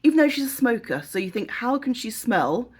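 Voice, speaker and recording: A woman's voice: on the high side, very animated, fairly quick, slightly rough. Chatty British woman vlogger. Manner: chatty, rambling, self-mocking. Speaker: haul vlogger. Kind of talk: casual chat.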